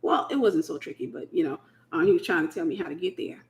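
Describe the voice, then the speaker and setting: A woman's voice: fairly low pitch, lively intonation, fast talker. A woman from the United States hosting a casual Christian teaching talk, speaking in an emphatic, colloquial way and repeating her key phrases. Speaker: host.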